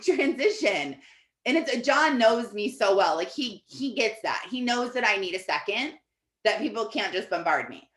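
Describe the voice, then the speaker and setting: A woman's voice: mid-range voice, fairly bright tone. Chatty woman coach in an echoey room. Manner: chatty, fills with "like". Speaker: Christian life coach. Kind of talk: casual coaching talk to her team. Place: office.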